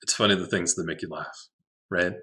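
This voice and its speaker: A man giving casual commentary on his own card game, thinking out loud, laughing often and swearing now and then. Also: low-pitched, steady tone, a little fast. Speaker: Magic Arena drafter, channel host.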